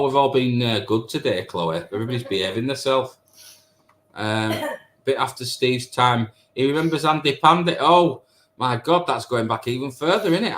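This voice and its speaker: In his thirties, this man hosts a live stream, casually chatting with viewers and poking fun at them as he reads their comments. His voice sits at medium pitch and is a bit bright.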